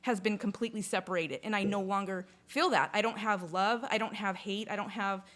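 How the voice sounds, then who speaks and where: A woman's voice: medium pitch, a little fast. Chatty woman telling a wild story. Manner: chatty, full of "like", swears freely; lively retelling, acts out sounds and inner voices. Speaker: podcast guest. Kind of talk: casual chat, personal storytelling.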